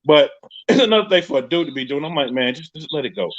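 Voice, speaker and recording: A man with a New York accent hosting a live podcast, telling a story in a loud, profane, animated way. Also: a little high, fast. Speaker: podcast host. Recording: dull lo-fi stream audio.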